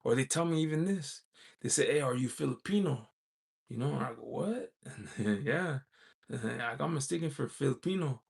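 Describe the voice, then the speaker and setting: A man's voice: medium pitch, brisk, creaky, husky. A man from the United States hosting a casual livestream, reading out viewer chat and rambling with lots of "you know" asides and frequent chuckles. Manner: chuckles often while talking.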